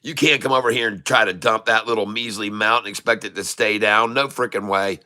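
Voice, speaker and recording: A middle-aged man hosting live day-trading commentary, excitable and folksy, repeating phrases for emphasis. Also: fairly low pitch, fairly quick. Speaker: day trader host.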